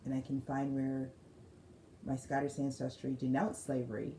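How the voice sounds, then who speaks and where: Chatty woman with a low, mellow voice. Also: completely flat delivery, moderate pace, slight background noise. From United States. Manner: chatty, digressive, reads aloud with emphasis. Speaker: spiritual reader. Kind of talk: casual crystal card reading.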